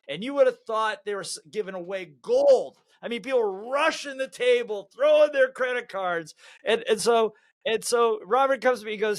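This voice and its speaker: An older man, a sales trainer and author, tells lively anecdotes in an interview and laughs at his own stories. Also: high-pitched, a little fast, no room sound. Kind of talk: storytelling in an interview.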